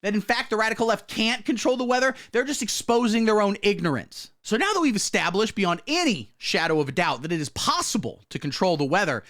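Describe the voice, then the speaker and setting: A man hosting a satirical news show, delivering commentary in a mock-pompous, swaggering way with sudden low asides. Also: animated, a little fast, few pauses, a bit bright.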